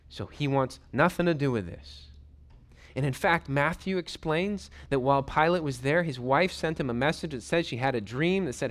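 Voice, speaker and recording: A male preacher works through a Bible passage and dramatizes its scenes as he reads. His voice sits a little above the usual male range. He leans into the story with lively expression. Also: fairly high pitch, moderate pace. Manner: animated, acts out the scene. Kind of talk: sermon retelling scripture.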